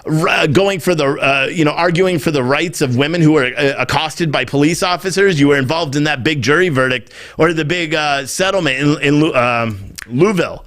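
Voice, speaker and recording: A man's voice: fairly high pitch, moderate pace, fairly bright tone. A man hosting a podcast, ranting in heated, profane political commentary, openly irritated. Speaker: podcast host.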